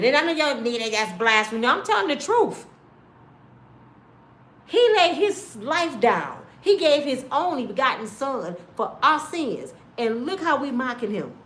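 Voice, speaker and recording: Woman, 50s, casual rant, blunt and profane, lively pitch, on the high side, echoey room. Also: slight background noise. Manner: blunt, profane, animated storytelling. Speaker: online commentator.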